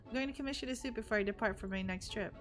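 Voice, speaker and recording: A woman voicing a formal, aloof male gentleman from a video game, reading his lines stiffly. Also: a little high, rapid-fire, faint music behind, close to an everyday voice.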